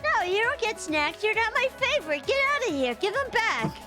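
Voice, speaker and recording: A woman voicing a gruff, possessive male bear headmaster who scolds and bosses people around in a petty, comic way. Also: very high-pitched, big pitch swings, normal speed, over music. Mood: bossy. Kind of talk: live fan dub banter.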